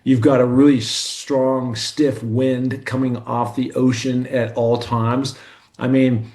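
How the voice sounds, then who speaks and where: A man's voice: medium pitch, flat delivery, slow, darkish tone. A man from Seattle, a former football player, chatting as a radio guest in a rambling, storytelling way. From Seattle, Washington. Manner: rambling storyteller, many restarts and asides. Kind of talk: casual radio chat.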